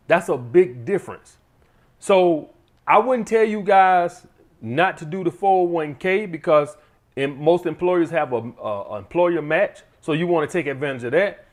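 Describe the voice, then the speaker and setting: Blunt, profane man talking money. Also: fairly high pitch. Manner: blunt, profane, keeps addressing the audience as guys. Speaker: channel host giving money advice. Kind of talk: casual advice monologue.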